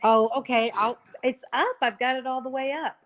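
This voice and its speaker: A woman with a high voice joins a video call. She sounds flustered and repeats herself while she fights with her settings. Her voice comes in quietly over the call. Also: normal speed. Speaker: host's mother joining the call. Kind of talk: casual chat.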